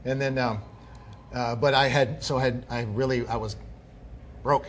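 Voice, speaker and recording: A man's voice: mid-range voice, moderate pace, slight background noise. A man in his fifties, a guest telling long stories in casual podcast conversation and acting out what people said. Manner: animated storyteller acting out quoted people.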